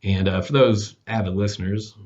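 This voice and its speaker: On dull lo-fi podcast audio, a man in his forties, usually a host but here a guest, recounts his career in a casual interview. His voice is on the low side and darkish, with fairly even intonation at a moderate pace, and he rambles with many fillers while acting out conversations.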